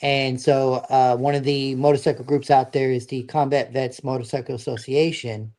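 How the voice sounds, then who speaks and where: A man's voice: medium pitch, little pitch movement, normal speed, darkish tone. Earnest middle-aged man telling stories. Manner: earnest, plain-spoken. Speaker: veteran guest. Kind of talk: casual storytelling.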